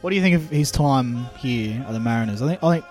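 A man's voice: medium pitch, expressive, fast talker, a little mellow, faint music behind. An Australian man co-hosting a casual podcast, telling stories with playful banter. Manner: joking, banter-heavy. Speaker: podcast co-host. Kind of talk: casual chat.

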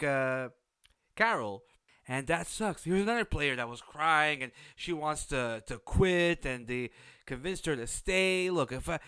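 A man's voice: fairly high pitch, a bit bright, clean tone, no echo. A man hosting a podcast, giving a blunt, opinionated recap of a reality show in a casual, unsympathetic way. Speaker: podcast host.

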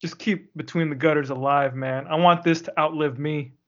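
A man's voice: fairly high pitch, steady tone, normal speed, fairly bright tone, dull audio. Easygoing man hosting a podcast. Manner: easygoing, earnest, signs off the show. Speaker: podcast host. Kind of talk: casual chat.

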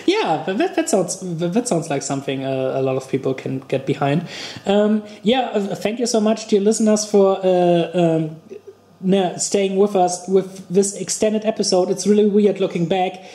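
A German-accented man hosts a podcast, chatting loosely with frequent restarts and little laughs. His voice sits warm and mellow. The recording carries a noticeable room echo. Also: high voice, expressive. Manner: halting, many restarts and laughs. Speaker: podcast host. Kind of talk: casual podcast chat.

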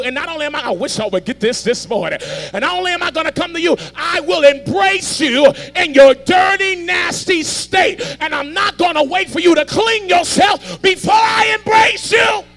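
Man doing god the loving father, high bright voice, builds to shouting. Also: vocal fry, full character voice. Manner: insistent, swelling to shouts.

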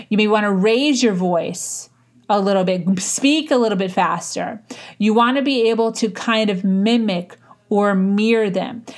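Speaking in an ordinary mid-range voice, a woman gives advice off the cuff, full of "like," "um" and restarted sentences. She stretches some words slowly and rushes others, sounding like someone teaching informally and conversationally.

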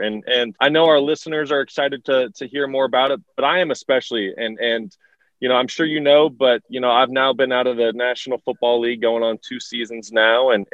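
A man's voice: mid-range voice, fairly bright tone, no echo. Earnest male podcast host, dry dull mic. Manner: earnest, repeats words as he starts sentences. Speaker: host, former pro football player. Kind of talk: podcast interview.

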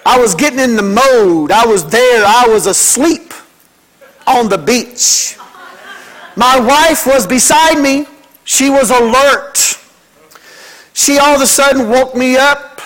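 An older man, a pastor preaching a fervent sermon to his church, moving between loud, emphatic lines and hushed ones. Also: extremely high pitch, slow, rough recording.

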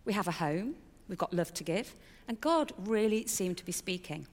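A woman's voice: mid-range voice, big pitch swings, normal speed, a little mellow, long reverb tail. A middle-aged woman giving a personal testimony in a candid, chatty storytelling way with fillers and a touch of self-mockery. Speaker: speaker sharing a personal testimony.

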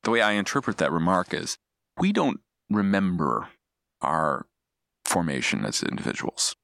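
A man's voice: low-pitched, sing-song, normal speed, creaky, a bit bright, dry recording, studio quality. A man speaking as a podcast guest, explaining ideas in a thoughtful, digressive way with frequent restarts. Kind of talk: casual analytical discussion.

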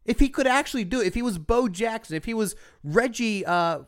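A man's voice: high-pitched, animated, fairly quick. A man co-hosting a casual podcast, explaining eagerly and arguing his points with some swearing. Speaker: podcast co-host. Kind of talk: casual banter about baseball.

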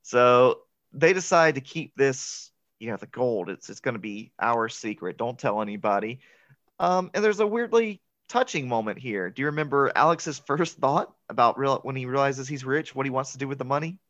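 A man's voice: medium pitch, normal speed, dry recording. A man casually recapping a movie as a podcast co-host, chatty and laughing often. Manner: chatty, laughs often, quotes lines in excited voices. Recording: dull lo-fi, dry.

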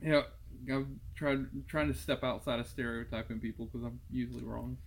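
A man's voice: mid-range voice, steady tone, normal speed, gravelly, slight background noise. A man hosting a podcast, chatting casually and in a playful way. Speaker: podcast host. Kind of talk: casual chat.

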